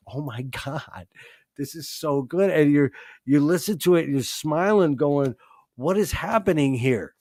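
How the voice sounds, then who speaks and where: An excitable man hosts a live chat and gushes about albums he loves. He curses freely and stumbles through restarts as he gets carried away. His voice sits at an ordinary middle pitch, and the recording is dry and close. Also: dry recording. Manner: excitable, swears, many restarts. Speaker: host. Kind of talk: live-stream music chat.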